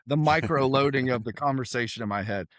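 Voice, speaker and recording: Middle-aged man, podcast guest, lively storyteller who voices the people he quotes, mid-pitched, dry mic. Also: fast talker, no room sound. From South Carolina, USA. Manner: animated, acts out quoted voices. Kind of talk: casual storytelling.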